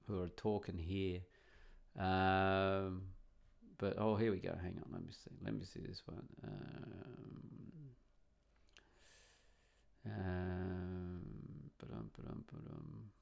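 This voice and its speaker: Smooth low-voiced man hosting a podcast. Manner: rambling, hums and mutters while searching. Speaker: podcast host. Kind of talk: casual podcast chat.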